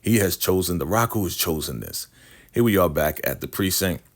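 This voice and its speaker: A man with a very deep, low-pitched voice recaps a TV episode for his channel. He talks in a loose, chatty way and keeps checking in with "right?". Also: expressive, moderate pace. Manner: chatty, keeps asking "right?", acts out quotes. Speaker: show recapper.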